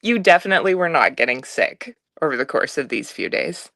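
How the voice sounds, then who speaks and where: Upbeat woman co-host, low and gravelly with lively pitch; dry recording. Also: a little fast, dry recording. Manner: upbeat, agreeable, laughs often. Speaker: co-host and producer. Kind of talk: casual behind-the-scenes chat.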